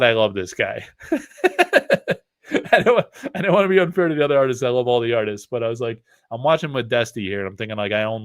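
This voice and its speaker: A man from upstate New York hosting a card-opening livestream, talking in a loose, rambling way full of fillers. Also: medium pitch. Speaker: host of a card-opening stream. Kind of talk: casual livestream chat.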